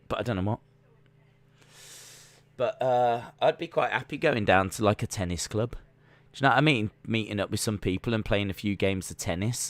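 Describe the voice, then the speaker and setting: A man's voice: on the low side, fairly bright tone, no echo. A man hosting a casual watch-along livestream, rambling and full of "like" and restarts. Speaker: livestream host.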